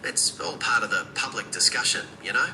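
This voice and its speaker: A man's voice: mid-range voice, fairly quick, reverberant, whispered, rough recording. A synthetic man's voice with an Australian accent, answering questions in a laid-back, slangy, noncommittal way. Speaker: AI voice assistant. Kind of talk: conversational answers.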